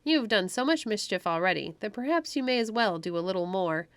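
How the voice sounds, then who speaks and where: A woman's voice: medium pitch, animated, brisk, clear, resonant tone, no room sound, close to an everyday voice. A sulky young boy with a grudging edge, voiced by a woman reading a storybook. The voice stays close and dry. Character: sullen, grumbling young boy. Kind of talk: storybook read-aloud.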